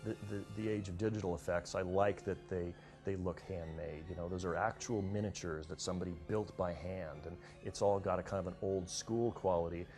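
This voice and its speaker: Reflective director, male, low-ish register, halting restarts. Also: darkish tone. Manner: thoughtful, with frequent restarts. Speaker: film director. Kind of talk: reflective documentary interview.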